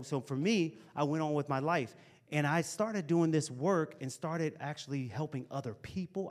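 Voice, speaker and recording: Animated man telling his life story. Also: mid-range voice. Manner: animated, keeps checking in with "right?". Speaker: motivational speaker. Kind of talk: storytelling talk to youth.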